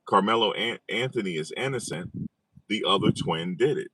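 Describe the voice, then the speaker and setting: A man's voice: lowish voice, lively intonation, normal speed, sharp tone, slight background noise. A man talking in a casual commentary vlog as an online commentator, incredulous and repeating his own phrases.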